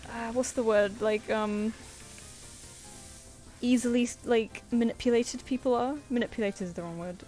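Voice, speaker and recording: A woman's voice: on the high side, fairly even intonation, normal speed, a little mellow. Young woman, casual streamer chat, anecdotal and giggly, faint music underneath. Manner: chatty, anecdotal, laughs often, acts out quoted voices. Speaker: artist streaming live commissions.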